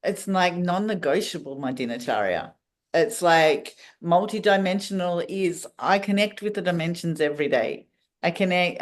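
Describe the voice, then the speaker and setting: A woman guest on a podcast, talking in a meandering, casual way with many restarts. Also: on the low side. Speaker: podcast guest, wellness practitioner. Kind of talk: casual interview talk.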